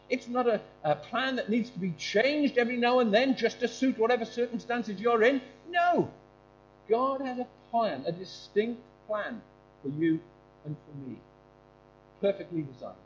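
Lively high-voiced man preaching. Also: moderate pace. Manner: animated, quizzing listeners. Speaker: preacher giving a talk to a congregation. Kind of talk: informal sermon with questions to the audience. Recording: dull lo-fi with faint hum.

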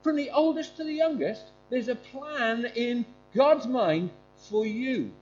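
A man's voice: extremely high pitch, measured pace. A man giving an informal sermon to a congregation, animatedly quizzing his listeners. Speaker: preacher giving a talk to a congregation. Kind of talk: informal sermon with questions to the audience. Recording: dull lo-fi with faint hum.

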